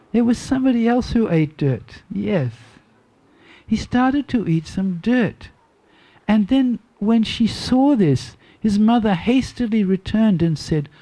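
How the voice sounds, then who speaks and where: An older woman tells a devotional story at an unhurried pace. Her voice is soft and mellow, and she circles back over her phrases to let each point land. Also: medium pitch. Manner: slow, deliberate storytelling with repeated phrases. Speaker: devotional class speaker. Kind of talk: storytelling sermon.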